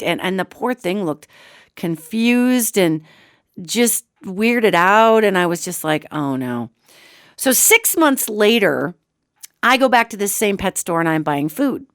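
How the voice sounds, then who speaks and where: A woman's voice: medium pitch, dry recording, studio quality. A woman radio host telling a casual, chatty personal story and talking straight to her listeners. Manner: animated and chatty, addresses listeners as gang.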